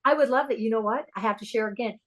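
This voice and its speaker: A woman speaks as a podcast guest in casual conversation. Her voice sits a little high, and she tells her stories with eager, animated energy. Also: quick pace. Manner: excitable, animated storyteller. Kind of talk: casual spiritual interview chat.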